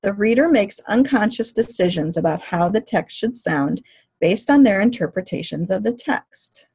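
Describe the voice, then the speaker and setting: A woman lectures to teachers in a steady, measured, explanatory manner. Her voice sits in a middle register with a slightly husky edge. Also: mid-range voice. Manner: clear, measured explanatory delivery. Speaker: teacher educator. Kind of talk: lecture on reading fluency.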